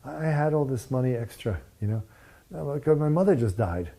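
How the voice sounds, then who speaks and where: A man telling a story puts on an offhand American lady who brushes everything aside. The voice is lifted well above a warm, husky male tone. She sounds blunt and unbothered. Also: expressive, fairly quick. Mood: breezy dismissive. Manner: airy, dismissive, raised pitch.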